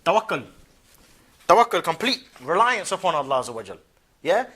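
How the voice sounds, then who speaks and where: A man's voice: high voice, very animated, fairly quick, bright, forceful tone, husky. A man giving a religious lecture in a conversational, colloquial way, often checking in with "yeah?" and breaking into mocking asides with short laughs.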